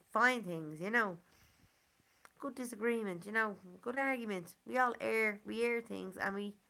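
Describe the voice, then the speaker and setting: Slow, gravelly Irish woman from Dublin. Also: lowish voice, sharp tone. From Ireland. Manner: earnest, repeats 'you know' often. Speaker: community member speaking to a channel. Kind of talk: casual monologue.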